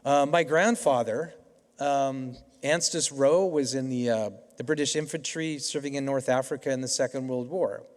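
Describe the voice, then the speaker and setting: A man's voice: medium pitch, normal speed. Middle-aged canadian guy giving a grad speech, chatty storyteller, lots of restarts, big echoey hall. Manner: storytelling, conversational with frequent restarts. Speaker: keynote speaker. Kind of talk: convocation speech. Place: large hall. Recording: reverberant hall.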